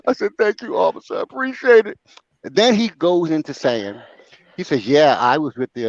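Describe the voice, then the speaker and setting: Here the older host's voice is high-pitched and his pace fairly quick as he spins a funny story full of laughs and impersonated voices. Sound quality is dry and dull lo-fi, with no echo.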